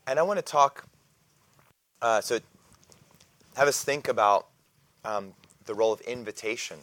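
Man, bible class teacher, casual lesson, halting delivery, frequent throat clearing, lowish voice. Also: a bit bright, dry recording. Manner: hesitant, many fillers and restarts, clears throat often.

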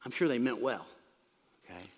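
A man's voice: mid-range voice, expressive, moderate pace, long reverb tail. A man preaching a sermon, explaining scripture in a plain, conversational way.

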